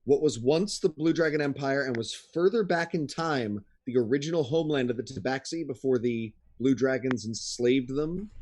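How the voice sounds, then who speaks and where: A man's voice: medium pitch, a little mellow. A man narrating as game master of a tabletop game, casual with many fillers.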